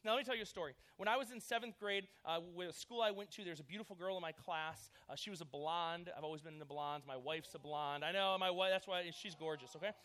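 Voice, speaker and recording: A man's voice: high voice, quick pace, few pauses. A man, preaching a casual sermon to young people, telling stories with lots of fillers. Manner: energetic, chatty storytelling with many fillers. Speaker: youth pastor.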